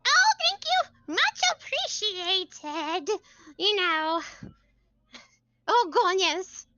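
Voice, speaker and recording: A woman putting on a squeaky, jittery scholar girl. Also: very slow, exaggerated voice. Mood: excited, chatty. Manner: gushing, high-pitched, excitable. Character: flustered young woman scholar, jittery and chatty. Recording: lo-fi with faint music.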